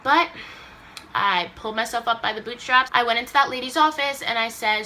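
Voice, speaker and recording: A woman's voice: a little high, a little fast, bright, forceful tone, a little hiss or hum. A young woman from Los Angeles telling an emotional story in a casual vlog, saying "like" a lot and acting out the people she quotes. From Los Angeles area, US. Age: young adult. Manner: emotional retelling, acts out quoted voices, says "like" a lot. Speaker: vlogger.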